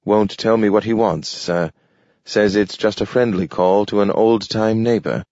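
A man doing a fussy, deferential robot butler, polite and worried. The voice is very deep and the delivery formal. The recording is dry with a muted, dull top. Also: steady tone, a little slow, a little mellow, no room sound. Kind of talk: audiobook character voice. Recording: dull, dry studio read.

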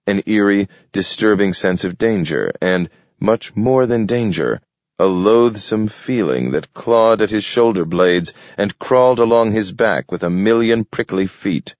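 A man narrating a story with measured, steady delivery. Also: on the low side, no room sound. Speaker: audiobook narrator. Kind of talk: scripted narration. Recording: dull lo-fi dry recording.

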